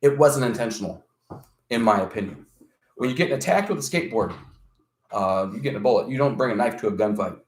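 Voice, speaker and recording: A man's voice: medium pitch, fast talker. A man in casual podcast chat, a former EMT, who tells his stories with lots of movement in his voice and acts out what others said. He swears freely and talks bluntly. The room is echoey. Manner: animated storytelling, swearing, quoting others.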